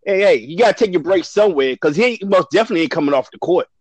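A man's voice: sits high, lively intonation, racing, a little mellow, dry recording. A man in a casual sports debate who talks loosely, with many fillers like "you know" and "I mean". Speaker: panelist.

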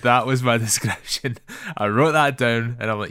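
A Scottish man co-hosting a podcast, giving blunt, swearing, animated opinions in casual chat. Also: medium pitch, normal speed, clear, resonant tone, no echo, studio quality. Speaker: podcast co-host.

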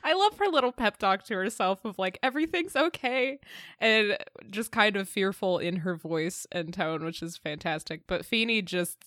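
A woman's voice: medium pitch, animated, normal speed, hardly any pauses, a bit bright, no echo. A woman co-hosting a podcast in casual chat, using many fillers and laughing often. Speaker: podcast co-host.

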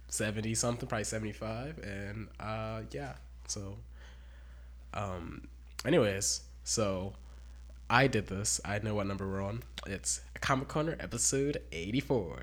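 A man co-hosting a casual podcast, rambling and joking as he talks. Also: on the low side. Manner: rambling, joking, quick to laugh. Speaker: podcast co-host. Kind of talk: casual chat.

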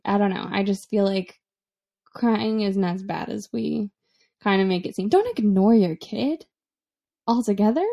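A young woman chatting on a parenting podcast, relaxed and easygoing, laughing often. Her voice sits in an ordinary middle pitch for a woman. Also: measured pace, gravelly, muffled recording. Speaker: podcast co-host, mother. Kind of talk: casual chat.

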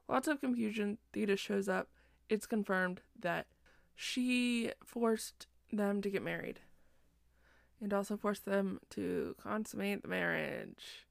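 A woman's voice: medium pitch, slow pace, vocal fry, dry recording, clean studio sound. A sleepy young woman recapping a book in a chatty, self-deprecating, digressive way, recorded at home at night. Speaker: podcast host.

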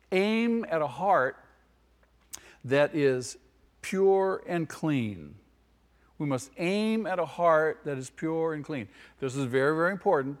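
A male pastor preaching a sermon with emphasis. He repeats key phrases and asks the congregation questions. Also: on the high side. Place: church hall. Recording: long hall reverb.

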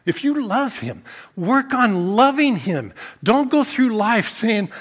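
A man preaching a sermon as pastor, dropping to quiet reflection and then rising to emphatic, repeated phrases. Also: sits high, sing-song, takes it slowly.

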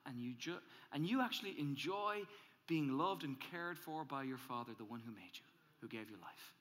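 A male pastor preaching a sermon, animated and emphatic, acting out angry inner voices as he builds. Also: moderate pace. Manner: animated, acts out angry inner voices, rises in pitch and volume when emphatic. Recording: hall reverb.

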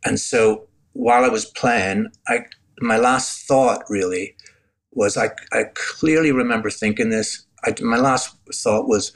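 Unhurried and on the low side, this older man's voice carries a Northern Irish accent. He is an interview guest telling his personal testimony, reflective and earnest, and he keeps restarting his sentences.

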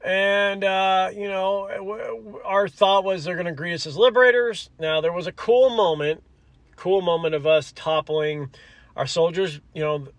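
A man hosting a solo podcast, rambling through history with frequent self-corrections, swearing, and apologies. His voice sits a little high for a man, and the recording is dry and close. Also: steady tone, unhurried, dry recording. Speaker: podcast host. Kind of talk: casual solo commentary.

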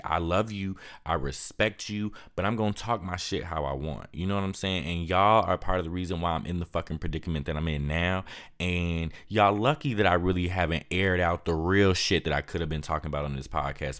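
A man's voice: deep voice, fairly bright tone. A young man hosting a podcast, speaking candidly and bluntly, exhausted and depressed, worn down and swearing often. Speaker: podcast host. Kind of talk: candid monologue.

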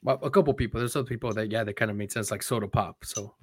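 A man's voice: lowish voice, fast, slight background noise. A man co-hosting a casual chat, rambling and swearing, slipping Spanish phrases into his English. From Chicago area. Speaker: podcast co-host.

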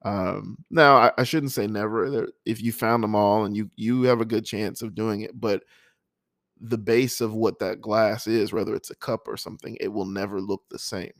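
A middle-aged man speaking candidly and emotionally about a poem he wrote, halting with sighs and pauses. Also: on the low side, fairly even intonation, vocal fry, no room sound, clean studio sound. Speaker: poet. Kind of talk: personal reflective monologue.

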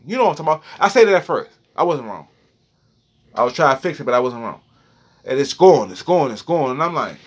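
A man hosting a podcast, telling a crude freestyle story in an excitable way, repeating words and phrases and jumping high when he relives a panic. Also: fast. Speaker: podcast host.

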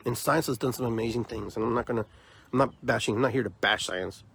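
A man's voice: medium pitch, fast, a bit bright, slight background noise. A man hosting a podcast, delivering an emphatic, opinionated monologue and often repeating words as he builds his point. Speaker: podcast host.

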